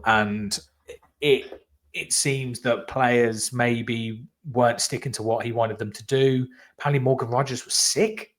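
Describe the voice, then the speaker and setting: Guy hosting a football podcast, talks in long excited run-on bursts over a video call. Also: mid-range voice, takes it slowly. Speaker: podcast host. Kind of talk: casual football chat.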